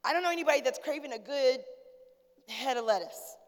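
A woman's voice: high voice, brisk. A woman pastor preaching a sermon in a conversational, humorous way, calling out to the congregation. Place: church sanctuary. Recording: long church reverb.

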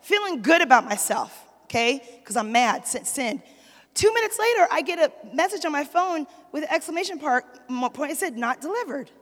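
A woman with a high voice preaches to a church congregation, and her words ring out with a long echo through the hall. She tells her story with lively energy and keeps asking the congregation to respond. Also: moderate pace. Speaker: pastor's wife preaching. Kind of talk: sermon. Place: church sanctuary.

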